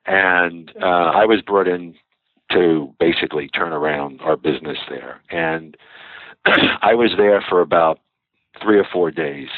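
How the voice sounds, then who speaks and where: A man's voice: low voice, a little slow, dry recording. An older man, a former business executive, telling anecdotes in an interview and acting out quoted dialogue, with frequent "you know"s. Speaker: guest, former bank executive. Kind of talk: storytelling interview. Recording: tinny phone-like line.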